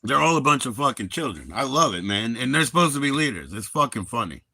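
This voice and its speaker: A man's voice: mid-range voice, big pitch swings, quick pace, gravelly, sharp tone, no room sound. A man hosting a livestream, chatting casually in a rambling, profane, laid-back way. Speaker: livestream host.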